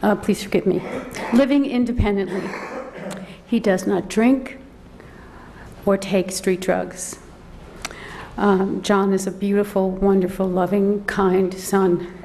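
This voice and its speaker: A middle-aged woman, a mother and advocate, giving public comment at a county board meeting, emotional and close to tears, halting and repeating words. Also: mid-range voice, steady tone, dark tone. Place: large council chamber. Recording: long hall reverb, faint noise.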